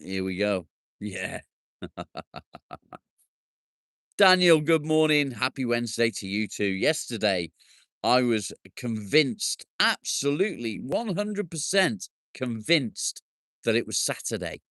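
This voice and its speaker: A man's voice: mid-range voice, expressive, measured pace, a bit bright, dry recording, clean studio sound. A man hosting a casual live stream outdoors in his garden, bantering with viewers, joking, and swearing now and then. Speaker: livestream host.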